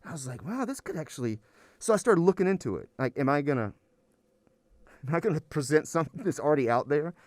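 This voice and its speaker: A man's voice: on the high side, animated, quick pace, a little mellow, dry recording. Weary man in a dry, rambling podcast chat. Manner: rambling, emotional, restarts often. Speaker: anthropology professor, guest. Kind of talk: casual podcast interview.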